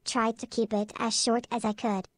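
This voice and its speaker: A woman's voice: a little high, level tone, normal speed, dry recording, clean studio sound. Synthetic female donation-alert voice. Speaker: text-to-speech donation reader. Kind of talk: synthetic read-out of viewer messages.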